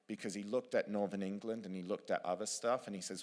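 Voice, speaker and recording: A man, an author and speaker, telling a story to a live audience, lively and with frequent restarts. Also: lowish voice, fast talker, few pauses, big-room sound. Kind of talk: storytelling talk on stage.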